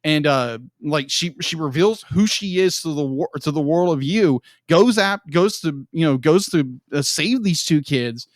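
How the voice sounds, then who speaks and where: A man's voice: on the high side, lively intonation, a little slow, few pauses, no echo. A young man co-hosting a podcast, gushing emotionally about a film in casual chat and repeating himself often. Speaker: podcast co-host.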